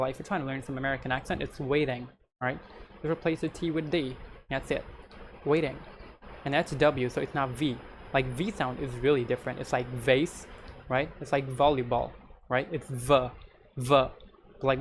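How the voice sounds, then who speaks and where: A man's voice: mid-range voice, a little hiss or hum. Casual man reacting to a lesson. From India. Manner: casual, explains with examples and frequent "right?". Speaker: reaction video host.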